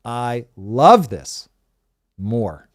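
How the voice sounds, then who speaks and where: A middle-aged man hosts a show with an animated commentary chat, riffing with emphatic, sarcastic energy and an occasional swear. His voice sits at medium pitch with big swings, and he speaks extremely slowly.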